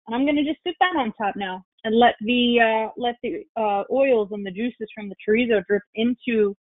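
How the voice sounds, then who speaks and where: A woman's voice: on the high side, no echo. A woman chatting casually as she cooks, explaining each step and swearing now and then. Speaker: guest chef. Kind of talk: casual cooking chat. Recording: tinny phone-like line.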